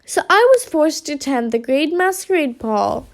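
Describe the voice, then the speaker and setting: A woman reading a children's storybook aloud with lively expression. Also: high-pitched, moderate pace.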